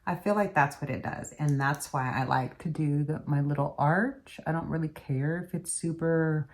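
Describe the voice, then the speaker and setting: A woman's voice: low voice, moderate pace. A woman beauty vlogger chatting casually as she does her makeup in a tutorial. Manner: chatty, talks while doing makeup.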